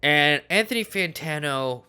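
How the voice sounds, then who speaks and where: A man vlogger telling a comedic story in a deadpan, self-important, mock-serious way. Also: a little high, measured pace, clean tone.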